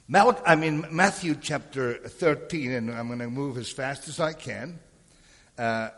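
A husky-voiced male preacher delivering a sermon, often calling on the congregation for an amen. His voice rings out with a long reverb, as in a large church hall. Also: medium pitch, measured pace, fairly bright tone. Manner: calls for amens and crowd responses. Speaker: pastor.

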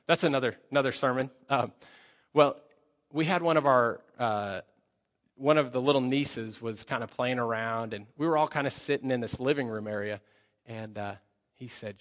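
Young male pastor, energetic sermon storyteller, bright tone, reverberant hall. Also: medium pitch. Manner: energetic storytelling with fillers and repeats.

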